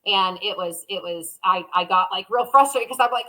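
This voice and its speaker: A woman co-hosting a casual podcast, her voice bright and forward. She talks openly and emotionally, often acting out her inner thoughts as quoted voices. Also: mid-range voice, moderate pace, rough recording. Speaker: podcast co-host. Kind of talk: casual conversation.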